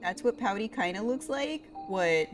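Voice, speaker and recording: A woman's voice: medium pitch, expressive, normal speed, over music. A young woman streams a cozy game and chats with her viewers in a light, playful way. She talks to them by name and jokes easily. Her voice sits in the middle of the range and comes through close on a desk mic. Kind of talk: casual live-stream chat with chat.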